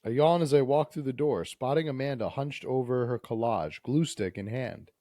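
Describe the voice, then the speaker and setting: A man's voice: medium pitch, moderate pace, dark tone, no room sound, studio quality. A man hosting a podcast, reading a dating game aloud and chatting playfully with some hesitant fillers. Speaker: podcast host.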